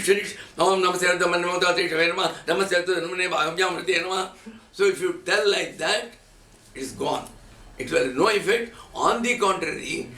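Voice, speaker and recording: A man's voice: fairly high pitch, fairly bright tone. A man giving a spiritual teaching talk as a swami, telling stories and chanting Sanskrit verses as examples. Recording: echoey room from far off, faint noise.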